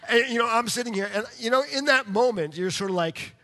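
A man preaching a sermon, telling a personal story in an animated way and speaking directly to his congregation. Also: extremely high pitch, brisk. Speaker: pastor. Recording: long hall reverb.

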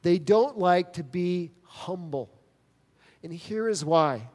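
Pastor, male, slightly high voice, earnest emphatic sermon delivery, long hall reverb. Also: expressive, darkish tone. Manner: earnest, emphatic preaching with dramatic pauses.

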